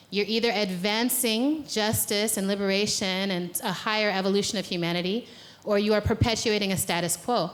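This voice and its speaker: A woman's voice: mid-range voice, fairly even intonation, fairly quick. An American woman, an organizer, leading a guided exercise and then giving a playful, conversational talk from a conference stage. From United States. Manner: playful, conversational, laughs at own jokes. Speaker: speaker and organizer. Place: conference venue.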